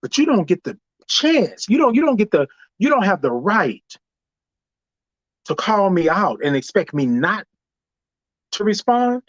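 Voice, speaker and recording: A man with a Houston accent who hosts a show, giving a preachy, animated monologue and playing out both sides of a dialogue himself. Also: high-pitched, unhurried, pauses often, dry recording, muffled recording. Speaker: host. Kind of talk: motivational monologue.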